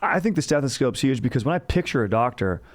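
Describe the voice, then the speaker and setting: A man with a mid-range voice and lively intonation hosts a podcast at a quick pace. He riffs on history in a rambling, jokey, casual way, talking like a bro and tossing in "dude" all the time.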